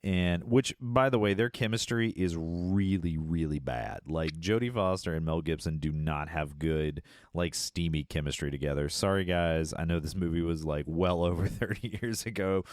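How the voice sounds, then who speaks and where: A deep-voiced man co-hosts a casual podcast and walks through a film's plot in a jokey, easygoing way. His voice sits low, and it sounds dry and close to the mic. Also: normal speed, hardly any pauses, a little mellow, no room sound. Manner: jokey, acts out lines in playful voices. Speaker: podcast co-host. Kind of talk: casual movie recap chat.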